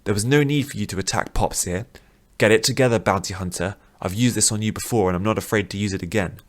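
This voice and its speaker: A fierce armed woman who snarls threats with a pistol at hand, as a man reads her. The voice stays deep and low. Storybook audiobook delivery. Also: quick pace, natural voice. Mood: threatening.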